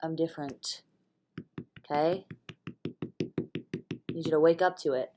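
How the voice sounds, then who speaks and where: A woman's voice: sits low, fairly even intonation, measured pace, background noise. A young woman vlogging in a rambling, candid way about her spiritual views, swearing freely. She is hungover and stuffy-nosed, and she sometimes drops into a whisper. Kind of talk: casual spiritual vlog monologue.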